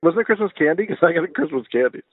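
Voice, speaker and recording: A man's voice: fairly high pitch, expressive, rapid-fire, dry recording. A man co-hosting a podcast, telling a story in a laid-back, casual way with hesitant restarts. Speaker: podcast co-host. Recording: dry, tinny phone-like sound.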